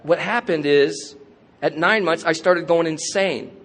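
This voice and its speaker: At a recovery convention, a man shares his personal recovery story candidly, using streetwise slang and poking fun at himself. His voice is fairly high and fairly bright, and he speaks a little slowly.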